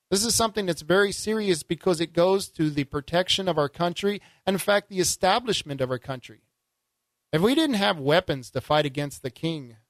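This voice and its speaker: Talk radio host, male, slightly high voice, fervent, rhetorical, dry studio sound. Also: dry recording. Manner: fervent, rhetorical, folksy asides to listeners. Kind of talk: call-in political talk radio.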